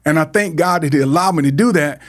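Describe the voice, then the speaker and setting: A middle-aged man talks in an earnest, heartfelt way, as a podcast host sharing his own story. His voice sits a little high for a man. He often stumbles, repeats words and restarts his sentences. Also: fast talker. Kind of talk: heartfelt personal talk.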